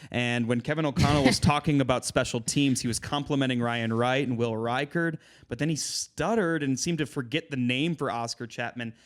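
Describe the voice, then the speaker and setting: Young man hosting a sports podcast. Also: medium pitch. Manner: animated, running the segment. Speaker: podcast host. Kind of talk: casual sports chat.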